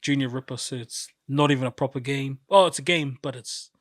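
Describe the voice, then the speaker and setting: A man's voice: medium pitch, brisk, no echo, studio quality. A man with a New Zealand accent, co-hosting a casual podcast chat, joking and teasing in banter. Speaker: podcast co-host.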